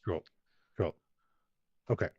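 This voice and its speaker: A man running a tabletop game as game master, easygoing and quick to affirm, explaining rules and describing the scene. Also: warm tone, no echo. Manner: easygoing, affirming with repeated yeahs. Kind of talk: narrating and ruling a tabletop game. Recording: slightly dull lo-fi audio.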